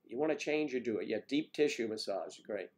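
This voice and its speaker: An older man hosting a casual livestream, chatting warmly with viewers by name and rambling through stories. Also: mid-range voice, expressive, brisk. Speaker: livestream host reading viewer comments. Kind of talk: casual chat.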